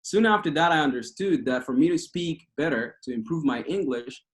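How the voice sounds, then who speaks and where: A man's voice: on the high side, lively intonation, brisk. A man in his thirties from Cuba with a Cuban Spanish accent, a native Spanish speaker giving a casual, passionate talk that rambles with restarts. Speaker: guest speaker. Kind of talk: casual talk over a video call.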